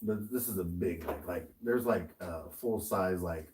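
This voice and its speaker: A man's voice: deep voice, a little slow, a little mellow, far from the mic, poor audio. A man co-hosting a podcast, telling a story in casual chat, swearing often and laughing as he goes. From American. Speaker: podcast co-host.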